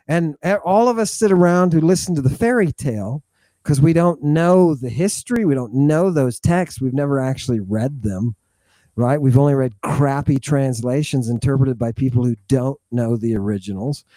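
A man's voice: fairly high pitch, normal speed, mellow, dry recording, studio quality. A man speaking as a guest in a podcast interview, talking with heated conviction and checking in with a frequent "right?". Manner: impassioned, rhetorical, repeatedly adds "right?". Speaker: guest scholar.

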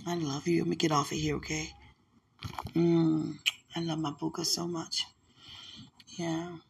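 Young woman, husky and gravelly, speaking tenderly to her partner with lively religious storytelling. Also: low-pitched, a little slow. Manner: affectionate, laughing, religious, animated storytelling. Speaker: fiancée talking to her partner. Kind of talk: casual emotional chat.

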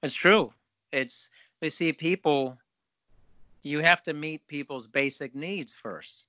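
Bright, upbeat male podcast host. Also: fairly high pitch, slow, no room sound. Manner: energetic, joking, riffs in long run-on thoughts. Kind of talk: casual interview chat.

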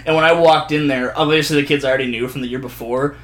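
A young man casually telling a story among friends, animated, laughing often and acting out what people said. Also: medium pitch, fast, reverberant. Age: young adult.

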